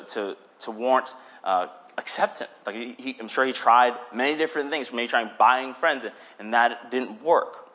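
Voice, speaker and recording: A young man giving a casual sermon, animated, often acting out little voices for the people he talks about. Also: medium pitch. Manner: animated, acts out voices in quotes. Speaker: preacher.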